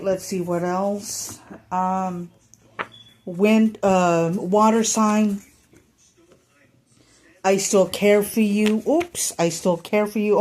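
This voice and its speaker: A woman's voice: mid-range voice, a little mellow. A woman giving a casual tarot reading to camera, chatty and full of fillers, sometimes acting out what people might say. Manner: chatty, many fillers, acts out quoted thoughts. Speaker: tarot reader.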